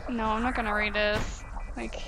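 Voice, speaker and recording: A woman's voice: a little high, little pitch movement, moderate pace, noisy background. A woman giving outspoken, emotional commentary while playing a video game, swearing freely. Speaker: let's play gamer. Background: game music.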